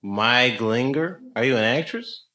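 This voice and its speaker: A man's voice: medium pitch, expressive, unhurried, bright, forceful tone. A male comedian bantering casually with fans after a show, joking and laughing often. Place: crowded room after a show.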